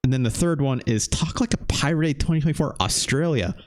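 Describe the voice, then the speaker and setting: While playing a retro game on a live stream, a thirty-something man talks with his viewers in a relaxed, lively manner, cursing here and there. His voice is mid-range and a little fast.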